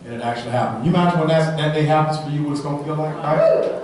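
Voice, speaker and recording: A man giving an energetic motivational talk at a live sales rally, telling stories and often asking the crowd "right?". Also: on the high side, rapid-fire. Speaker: motivational speaker. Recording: echoey hall, from far off.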